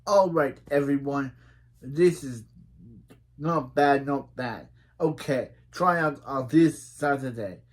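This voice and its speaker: A man doing a British accent to voice a brisk, encouraging male basketball coach, announcing tryouts in clipped coach-like phrases. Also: mid-range voice, close to an everyday voice. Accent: British (put on).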